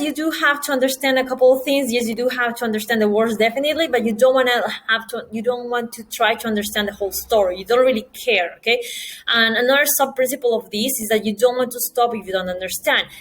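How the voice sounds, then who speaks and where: Woman giving a quick test-prep lecture. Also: a little high, poor audio. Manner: talks fast with restarts, steady explaining tone. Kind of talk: lecture presentation.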